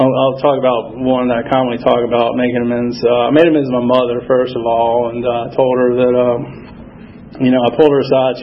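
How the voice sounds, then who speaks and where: Halting, gravelly-voiced man sharing recovery story. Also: mid-range voice. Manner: halting, many fillers, reflective and earnest. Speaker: AA speaker sharing his story. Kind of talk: personal recovery talk at a meeting. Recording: dull lo-fi recording with faint noise.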